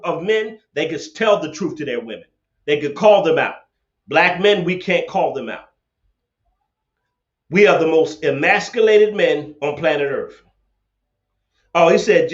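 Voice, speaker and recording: A man hosting a livestream debate, ranting confrontationally and repeating his points over a laptop webcam setup. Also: fairly high pitch. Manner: confrontational, preachy, repeats himself. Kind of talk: livestream rant and call-in debate. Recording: echoey, dull lo-fi webcam audio.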